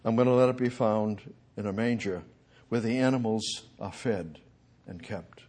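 A man preaches with a husky edge to his voice. He swings from ringing, emphatic declarations down to near-whispered asides and calls out to God as he goes. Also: normal speed. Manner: dramatic swings from booming to hushed, speaking to God. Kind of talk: sermon.

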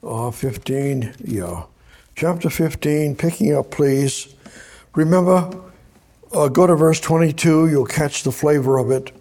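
A man with a slightly high, mellow voice speaks a little slowly as he delivers a sermon. He reads Bible passages aloud in a chatty way, going back over the same words.

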